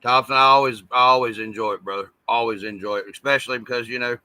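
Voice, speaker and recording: A man's voice: mid-range voice, steady tone, fast talker, pushed and bright, smooth. A man chatting casually in a folksy, joking and agreeable way. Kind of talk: casual chat.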